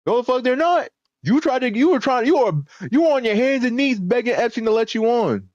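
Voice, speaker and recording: Brief: high-pitched male streamer, animated, profane slang reactions, dry dull mic. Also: fairly quick, no room sound. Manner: excitable, swears a lot, laughs often, talks in slang. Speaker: streamer reacting to a news video. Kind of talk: casual profane reaction commentary.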